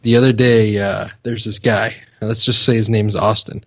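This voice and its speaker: Male podcast co-host, husky low voice, deadpan, dry sound. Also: moderate pace, dry recording. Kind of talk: casual podcast banter.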